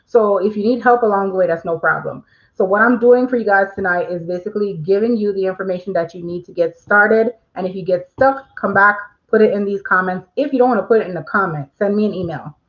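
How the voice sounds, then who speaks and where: A woman's voice: mid-range voice, quick pace, narrow, tinny audio. Chatty woman hosting a livestream. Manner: chatty, reads viewer questions aloud, frequent fillers. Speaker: livestream host. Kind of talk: casual livestream explainer.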